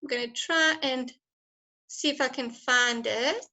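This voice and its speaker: Bright, high-voiced encouraging woman teacher. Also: measured pace, low-quality recording. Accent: South African. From South Africa. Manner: encouraging, chatty, laughs often. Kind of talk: online class lesson.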